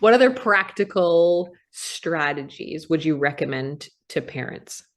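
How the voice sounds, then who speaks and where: Low-voiced woman asking casual interview questions. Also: expressive, measured pace.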